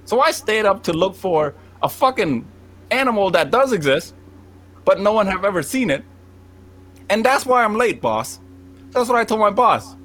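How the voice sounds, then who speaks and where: His voice sits high and his pace is moderate as this young Cambodian man tells friends a drawn-out comic tale. He swears constantly, stays animated, and plays out the quoted lines himself.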